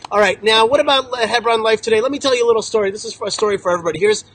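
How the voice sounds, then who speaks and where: A man stands outdoors in front of a visiting group and tells stories in an emphatic, joking way, hammering his points with repetition. His voice sits very high and has a husky edge. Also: racing, a bit bright, low-quality recording. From Israel. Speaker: local spokesman speaking to a visiting group. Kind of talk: animated storytelling talk to a group. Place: outdoors in a town.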